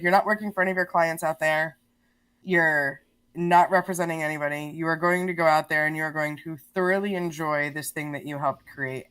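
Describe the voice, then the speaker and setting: A woman guest on a podcast, telling stories in a casual, animated way, laughing often and restarting her sentences. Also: sits low. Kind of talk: casual storytelling.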